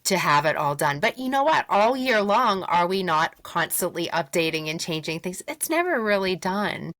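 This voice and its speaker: A woman in her thirties, a teacher and podcast co-host, chatting casually in an expressive, reassuring way. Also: fairly low pitch, normal speed, no echo. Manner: expressive, reassuring, laughs easily. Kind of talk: casual chat.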